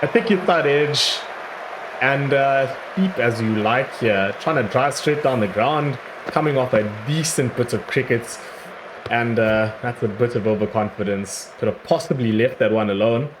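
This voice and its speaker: A man with a hoarse, worn-out voice giving chatty play-by-play commentary on his own cricket video game, breaking into excited cries at big moments. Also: mid-range voice, moderate pace, background noise. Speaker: gaming YouTuber. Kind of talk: casual play-by-play gameplay commentary.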